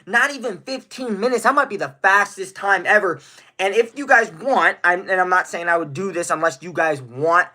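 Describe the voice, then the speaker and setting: A young adult man streaming live, chatting casually with viewers and excitedly shouting out donors. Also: high voice. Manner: excitable, gives rapid shout-outs to donors; chatty, answers viewer questions one by one.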